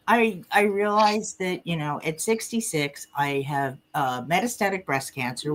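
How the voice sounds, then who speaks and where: A woman chats as a podcast guest. She talks in an unhurried, blunt and frank way, full of plain-spoken asides. A faint noise floor sits under her voice. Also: lowish voice. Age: 60s. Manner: blunt, candid, lively storyteller. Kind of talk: casual podcast conversation.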